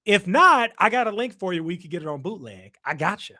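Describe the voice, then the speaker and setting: Animated, high-voiced man teasing his chat. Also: quick pace. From Chicago. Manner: teasing, playful trash talk to chat. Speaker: livestream host. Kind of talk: casual livestream chat reading comments.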